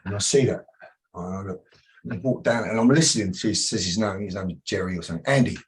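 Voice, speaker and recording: Blunt, low-voiced man. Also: quick pace, rough recording. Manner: blunt, profane, acts out confrontations. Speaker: self-protection instructor, podcast guest. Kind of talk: casual interview storytelling.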